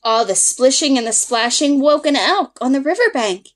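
A woman's voice: high voice, lively intonation, moderate pace. A woman reading a picture book aloud, acting out playful sound effects. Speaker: storyteller.

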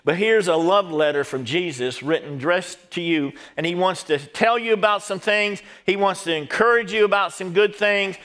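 A man's voice: high-pitched, normal speed, hardly any pauses, fairly bright tone. A middle-aged man, a pastor preaching a sermon and drawing call-and-response from the congregation.

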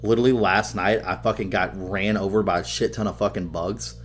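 A man co-hosting a podcast, telling game stories in casual chat with heavy swearing and loud acted-out quotes. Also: fairly low pitch, steady tone, a little fast, slight background noise. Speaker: podcast co-host.

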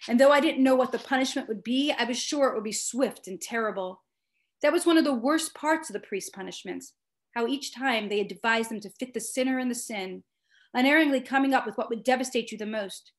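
A woman author reads her own first-person story aloud. Her narration is expressive and storytelling, delivered in a fairly high voice.

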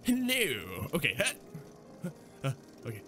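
A young man doing lively Let's Play commentary, excitable and swearing as he plays. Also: mid-range voice, slow pace, a little hiss or hum. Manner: excitable, swearing, laughing, silly asides. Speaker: gaming YouTuber.

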